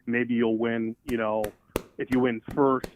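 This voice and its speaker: A man's voice: medium pitch, flat delivery, a little slow, noisy background. A man co-hosting a podcast, chatting casually and animatedly, restarting often and swearing casually. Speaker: podcast co-host. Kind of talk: casual chat. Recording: dry tinny phone-like audio.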